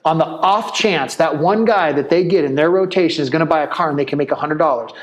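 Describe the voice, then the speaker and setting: A retired police officer speaking in a casual interview, blunt and animated, full of "like" and "man". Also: fairly high pitch, quick pace, poor audio.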